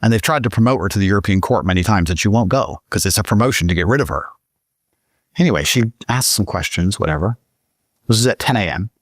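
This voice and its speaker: A man from Britain, a podcast guest telling a story in casual conversation, swearing often and pushing his voice up high when he gets worked up. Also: fast, no room sound, clean studio sound. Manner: profane, emphatic, voice climbs high when excited.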